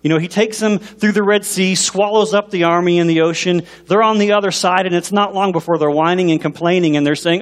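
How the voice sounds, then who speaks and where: An animated man preaching from a pulpit in a fairly high voice. He questions his congregation directly, and a long echo trails each phrase through the church hall. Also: a little fast, few pauses. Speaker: pastor. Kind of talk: sermon. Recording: long reverb in a large hall.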